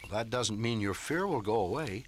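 A man playing a kind adult comforting a frightened boy in a radio drama, gentle and fatherly. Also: on the low side, expressive, moderate pace, soft background music, lightly acted.

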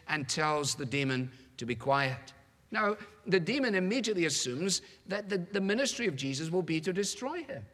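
A man's voice: fairly high pitch, a bit bright. A man preaching a sermon with emphatic, dramatic pacing and repeated phrases for rhetorical build. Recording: long hall reverb.

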